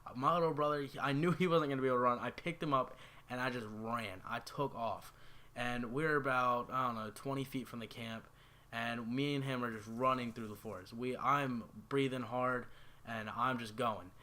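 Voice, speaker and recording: Bright-voiced young man telling a story. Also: medium pitch, moderate pace. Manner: rambling, filler-heavy, animated retelling. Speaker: YouTuber. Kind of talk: casual storytelling to camera.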